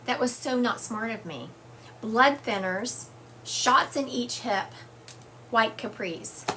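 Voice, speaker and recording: A woman's voice: on the high side, expressive, slow pace, noisy background. A woman hosting a psychic livestream, chatting casually and reading viewer comments aloud with frequent fillers. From US South. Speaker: psychic medium livestream host. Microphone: phone or webcam livestream.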